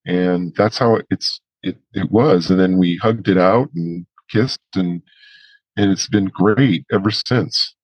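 Low-voiced middle-aged man telling a story. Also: slow pace, slightly rough, dry recording, low-quality recording. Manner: recounting conversations, with fillers and restarts. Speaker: guest. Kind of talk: casual interview storytelling.

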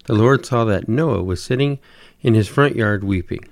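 A man telling humorous stories in a folksy, deadpan way. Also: lowish voice, moderate pace, dry recording. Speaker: storyteller. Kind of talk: humorous storytelling.

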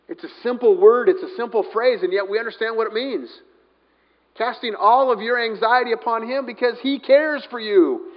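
A man preaching a sermon as pastor, animated and swinging from loud to hushed. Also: high-pitched. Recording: dull sound, long hall reverb.

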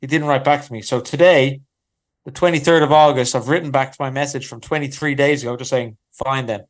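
A man's voice: medium pitch, steady tone, fast talker. A man co-hosting a comedy podcast, rambling and teasing as he tells stories. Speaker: podcast co-host. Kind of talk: casual comedic chat.

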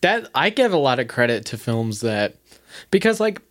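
A man's voice: mid-range voice, sing-song, normal speed. Man, podcast co-host, casual chat, rambling, thinks aloud, lots of "like".

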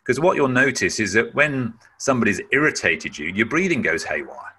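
A man's voice: medium pitch, very animated, a little fast, pushed and bright, breathy edge. A man giving a webinar talk on managing emotions, explaining emphatically and sometimes acting out sounds. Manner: emphatic, acts out breath-holding sounds. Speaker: webinar speaker.

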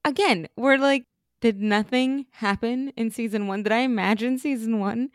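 A woman's voice: fairly high pitch, normal speed, no room sound, clean studio sound. A woman co-hosting a podcast in casual chat, making wry, sarcastic quips. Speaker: podcast co-host.

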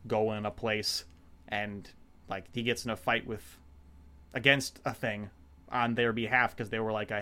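Rambling, profane man recapping a show. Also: on the low side. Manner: rambling, profane, animated retelling with quick quoted voices. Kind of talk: casual chat recapping a show.

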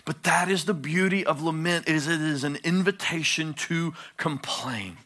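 Bright-voiced pastor preaching. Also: male voice, normal speed. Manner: swings from hushed, low phrases to loud, high-pitched pleading. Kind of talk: sermon.

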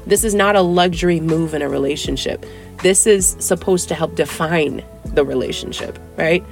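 A young adult woman hosting a casual dating-advice podcast, chatty and playful, acting out little dialogues with big jumps in pitch. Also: normal speed, gravelly, faint music behind. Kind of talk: casual solo podcast talk.

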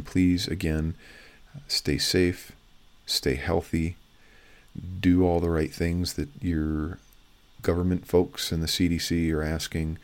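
A man hosting his own podcast, talking plainly and casually with a wry, folksy manner. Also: low voice. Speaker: podcast host. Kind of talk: casual solo podcast talk.

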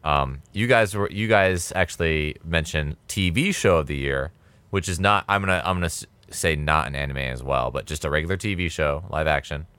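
A man co-hosting a podcast, telling stories in a loose, animated way with frequent laughs. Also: rumbling low, normal speed, clear, resonant tone, dry recording. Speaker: podcast co-host. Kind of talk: casual chat.

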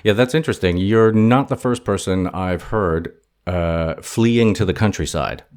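A man's voice: low voice, unhurried, darkish tone. A man hosting a podcast in a casual, jokey, self-mocking way while interviewing a guest. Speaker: podcast host. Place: home in a city.

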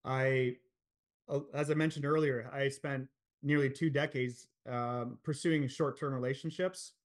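A man's voice: medium pitch, fairly even intonation, a little slow. A man in his forties, a podcast guest, telling his story in a frank, earnest way, swearing freely and using many fillers. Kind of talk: candid storytelling in a podcast interview.

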